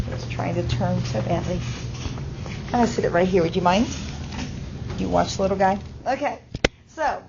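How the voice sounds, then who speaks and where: A woman's voice: medium pitch, background noise. Woman teacher lecturing a chemistry class. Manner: explains step by step, checks in with "okay?". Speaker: high school chemistry teacher. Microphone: auto-tracking camera mic. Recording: slightly muffled classroom recording.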